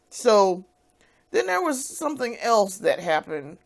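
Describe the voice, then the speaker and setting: A woman venting in a vlog, blunt and profane, swinging from quiet, hesitant musing to loud, heated outbursts. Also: mid-range voice, big pitch swings, slow, gravelly. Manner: fiery, profane, blunt ranting. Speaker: vlogger.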